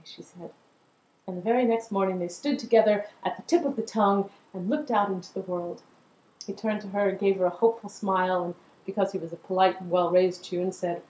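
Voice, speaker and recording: A woman's voice: mid-range voice, a little fast, warm tone. A woman telling a story in a performance, narrating expressively and animatedly. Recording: roomy echo.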